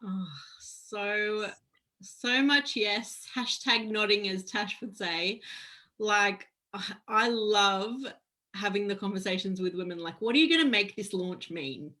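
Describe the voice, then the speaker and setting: Brief: woman host, mid-pitched, casual and affirming chat. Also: measured pace. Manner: warmly agreeing, chatty. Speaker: interview host.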